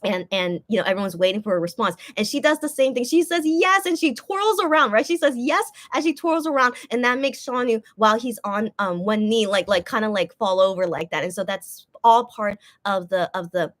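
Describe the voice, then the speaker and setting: A woman's voice: mid-range voice, brisk, hardly any pauses. Rambling woman recapping a musical. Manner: rambling, many fillers and restarts. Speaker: musical theater fan reviewing a show. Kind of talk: casual spoken review.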